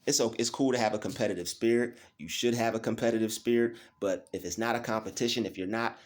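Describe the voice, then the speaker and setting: A man's voice: medium pitch, quick pace. A man giving a loose, repetitive motivational talk in casual streetwise slang, preaching encouragement to his viewers. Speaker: motivational vlogger.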